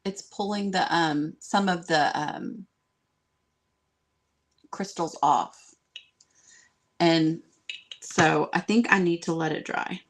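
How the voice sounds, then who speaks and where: A woman hosting a live craft stream, chatty and excitable, talking straight to her viewers. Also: fairly low pitch, slow, long pauses. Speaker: DIY craft host.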